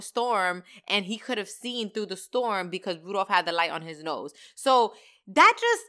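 A woman with a bright, crisp voice hosts her own podcast, talking in a loose, casual rant. She rushes along, full of slang and cheerful swearing, her words clear and sharp. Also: fairly high pitch. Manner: animated, slangy and profane, talks fast. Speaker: podcast host.

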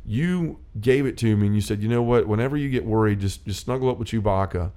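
A middle-aged man with a low, dark voice talks fast as he hosts a faith-based chat. His earnest, rambling personal story is full of restarts and quoted dialogue.

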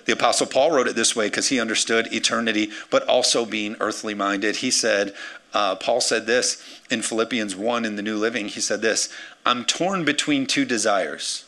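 A man, the pastor, preaching a lively sermon to his congregation, with playful acted asides. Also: lowish voice, moderate pace.

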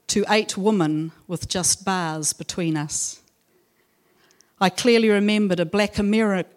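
Woman at church reading bible verses real slow then telling a story, easygoing and a bit funny. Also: mid-range voice. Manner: reads scripture slowly then tells a story with gentle humour. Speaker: church speaker sharing a testimony. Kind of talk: devotional talk and personal story.

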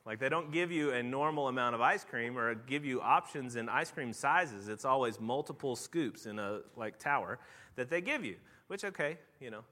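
Animated, bright-voiced male preacher. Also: fairly high pitch, long reverb tail. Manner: lively storytelling with animated rising outbursts. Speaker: pastor. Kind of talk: sermon.

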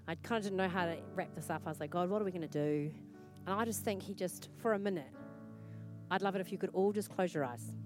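A woman pastor with a New Zealand accent preaching a sermon in a church, earnest and exhorting, repeating her points for emphasis. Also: lowish voice.

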